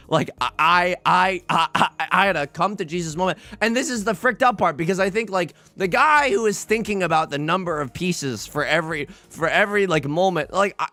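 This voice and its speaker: A man's voice: high voice, moderate pace, few pauses, faint music behind. A man livestreaming and chatting casually, telling rambling stories full of restarts, swearing and asides. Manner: rambling animated storytelling with many restarts and swearing.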